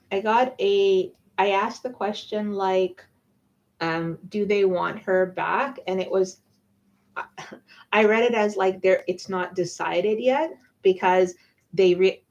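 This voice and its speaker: A woman's voice: mid-range voice, steady tone, slow pace, highs cut off. Chatty woman tarot reader, rambling. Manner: chatty, rambling, many fillers and self-interruptions, laughs often. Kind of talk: live-stream tarot reading, casual chat.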